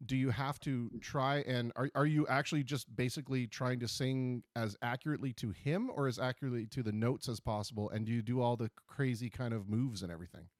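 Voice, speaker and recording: A man's voice: mid-range voice, fairly quick, few pauses, no echo, studio quality. A middle-aged man from Canada hosting a casual interview, talking chattily with frequent repeated words. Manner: chatty, stumbling repetitions. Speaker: interviewer host.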